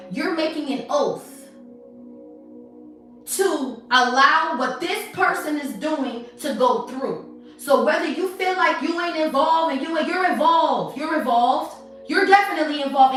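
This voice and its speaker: A woman's voice: sits high, a bit bright. A woman doing a livestream tarot reading who turns to profane, confrontational scolding of her viewers. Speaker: tarot reader. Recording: very echoey room, voice from a distance, faint music.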